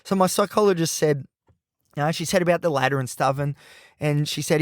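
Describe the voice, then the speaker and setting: A podcast host with a slightly high voice speaks fairly quickly in a rambling, emotional, personal monologue, frequently breaking off and restarting sentences. The recording is dry with clean studio sound.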